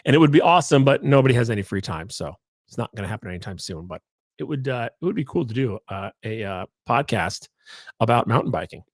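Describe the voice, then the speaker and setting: A man's voice: mid-range voice, lively intonation, fast, no room sound, studio quality. A man hosting his own podcast, telling a story in a rambling, jokey, self-deprecating way. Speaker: podcast host. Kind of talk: casual solo podcast storytelling.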